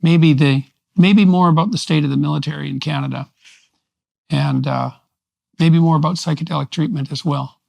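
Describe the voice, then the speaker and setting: Gravelly older male podcast host. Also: a little high, fairly even intonation, a little mellow, dry recording. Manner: polite, measured, brief acknowledgments. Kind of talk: interview podcast.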